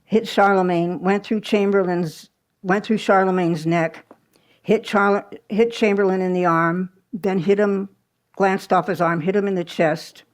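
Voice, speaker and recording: A woman's voice: medium pitch, steady tone, unhurried. A woman giving a live history talk at a small museum, telling the story conversationally with asides and small restarts. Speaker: history presenter.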